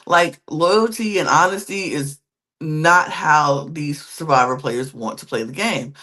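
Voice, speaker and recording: A woman co-hosting a podcast, casually recapping a TV episode, quoting the people in it in quick acted asides and giving emphatic, exasperated opinions. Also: sits low, fairly bright tone. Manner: chatty, quotes contestants in quick acted asides. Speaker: podcast co-host.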